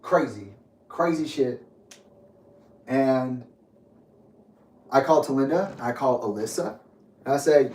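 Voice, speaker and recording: A man's voice: medium pitch, slow, long pauses, a little mellow. A young man telling his story in an angry personal monologue, bitter, sarcastic and swearing often. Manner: bitter, sarcastic, profane ranting. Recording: echoey room, voice from a distance.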